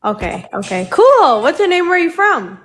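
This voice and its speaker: A woman's voice: very high-pitched, big pitch swings, normal speed. A young woman co-hosting a livestream, answering a caller with hesitant, filler-heavy chat. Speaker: livestream co-host. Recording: echoey room with faint noise.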